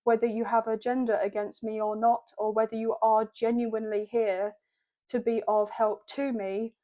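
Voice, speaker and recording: Mellow-voiced woman giving a tarot reading. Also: on the high side, little pitch movement, normal speed. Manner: flowing, repeats "I'm hearing" while channelling messages. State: choked up with emotion. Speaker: tarot card reader. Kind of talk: channelled tarot reading to camera.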